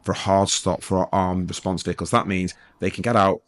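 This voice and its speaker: A middle-aged man who used to be a police sergeant appears as a guest in a casual storytelling interview. He tells lively anecdotes rapidly in a low voice, acting out the dialogue.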